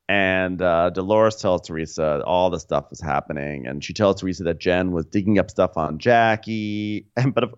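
A man's voice: deep voice, clear, resonant tone, muffled recording. A man co-hosting a podcast, chatting casually in a wry, joking way. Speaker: podcast co-host. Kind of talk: casual chat recapping a reality show.

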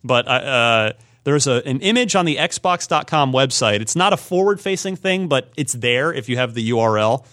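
A man's voice: mid-range voice, animated, normal speed, fairly bright tone, dry recording, studio quality. A man hosting a gaming podcast, chatting casually and thinking aloud with plenty of fillers. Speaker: podcast host. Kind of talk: casual gaming news chat.

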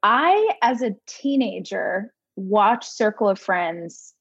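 Woman host, mid-pitched, chatty questions, dry and slightly dull recording. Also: expressive, slow, fairly bright tone, slightly rough, no room sound. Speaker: podcast host. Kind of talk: casual interview.

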